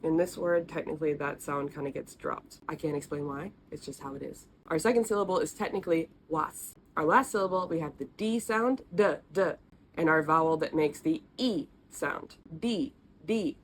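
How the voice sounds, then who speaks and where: Friendly woman teaching letters, low voice. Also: fairly quick, few pauses, slight background noise. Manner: friendly, patient, spells out sounds and repeats them. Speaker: language teacher. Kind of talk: explaining, recorded lesson.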